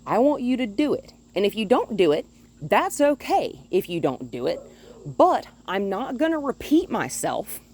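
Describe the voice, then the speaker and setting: A woman dog trainer filming outdoors on a phone held in one hand, calmly explaining her methods and now and then talking to the dog in a high sing-song voice. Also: moderate pace. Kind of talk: instructional dog-training video. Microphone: phone held in one hand while filming.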